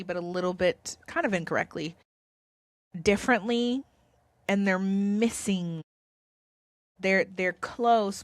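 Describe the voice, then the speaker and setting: A woman's voice: medium pitch, a bit bright, no echo. Earnest woman reassuring her viewers, dry sound. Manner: earnest, reassuring, rambling with restarts. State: tearful. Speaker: spiritual vlogger. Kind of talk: casual spiritual talk to camera.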